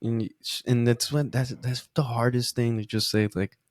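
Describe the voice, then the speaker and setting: A man co-hosting a podcast with his brothers, talking in a halting, heartfelt way with many restarts. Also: medium pitch, steady tone, dry recording, studio quality. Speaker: podcast co-host. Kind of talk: casual heartfelt conversation.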